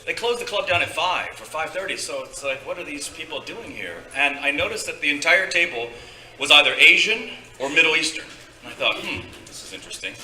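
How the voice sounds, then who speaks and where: Storyteller, male, tense bright tone, heard from afar in an echoey hall. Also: on the high side, expressive, a little fast. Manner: rambling, hesitant with many fillers. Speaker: storyteller guest. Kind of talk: live stage storytelling. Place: convention stage before a live audience. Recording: echoey hall, distant mic.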